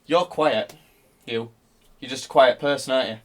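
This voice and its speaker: A man's voice: mid-range voice, moderate pace. A man hosting a casual podcast, bossing his co-hosts around with teasing mock insults. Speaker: podcast host. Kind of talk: casual chat.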